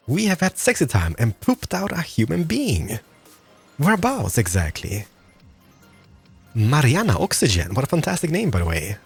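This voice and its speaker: A man's voice: mid-range voice, wildly swooping pitch, moderate pace, gravelly, breathy edge, soft background music. A man in his thirties giving playful, jokey let's-play commentary as a gaming video host, thinking aloud as he plays.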